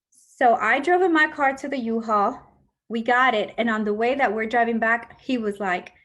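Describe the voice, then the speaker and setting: A woman's voice: a little high, normal speed, a bit bright. A middle-aged woman giving an emotional personal testimony, telling her story with emphatic quoted dialogue.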